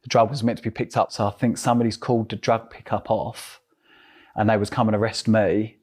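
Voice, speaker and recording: Man, essex accent, middle-aged, interview guest, animated storytelling, acts out dialogue. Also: fairly low pitch, a little fast. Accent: Essex English. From England.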